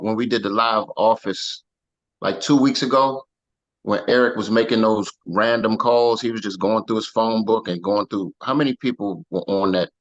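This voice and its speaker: A man co-hosting a casual chat, reacting with hype and jumping in to interrupt. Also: fairly low pitch. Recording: dull lo-fi sound.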